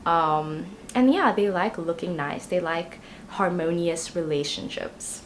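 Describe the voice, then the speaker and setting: With a low-leaning voice, a young woman takes her time through a casual on-camera tarot reading. She's rambling and chatty, saying "um" and "you know" a lot, over slight background noise.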